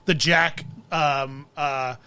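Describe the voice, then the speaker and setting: A man hosting a podcast in casual chat, jokey and animated, often tripping over his words as he talks. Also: on the high side, extremely slow, smooth. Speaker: podcast host.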